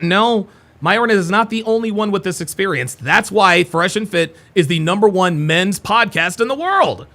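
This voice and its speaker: Male reaction host, blunt and mocking, high lively delivery. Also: normal speed. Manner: blunt, mocking, swears freely. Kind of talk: live stream reaction commentary.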